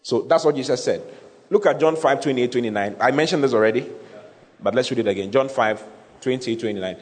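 A man's voice: mid-range voice, brisk. A man preaching a teaching sermon, repeating key phrases and checking that his listeners follow. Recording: long hall reverb.

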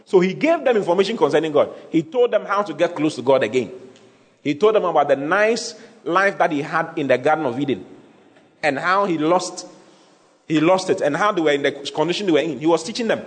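A man's voice: a little high, expressive, a little fast. A man preaching a teaching sermon, repeating key phrases and checking that his listeners follow. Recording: long hall reverb.

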